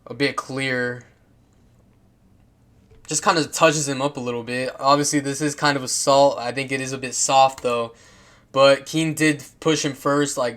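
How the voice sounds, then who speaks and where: A man's voice: mid-range voice, steady tone, normal speed, fairly bright tone. A man casually commenting on football clips, rambling and swearing, with lots of fillers, restarts and laughs.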